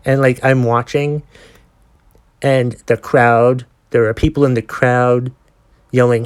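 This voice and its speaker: A podcast host in his forties speaks at medium pitch and a slow pace as he tells a long story. His casual, ranting delivery is full of swearing and exasperation.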